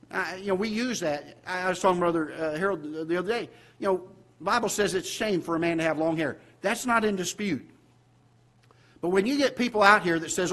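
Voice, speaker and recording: A man pastor with a Southern American accent, preaching a sermon in a church auditorium, asking the congregation questions and swinging from loud exclamations to quiet asides. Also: on the high side, brisk.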